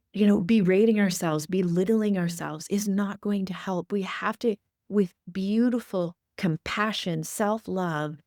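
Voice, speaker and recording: A woman's voice: medium pitch, creaky, darkish tone, dry recording, studio quality. A woman hosting a tarot forecast podcast, talking through the cards with repeated encouraging affirmations. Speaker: tarot reader and podcast host.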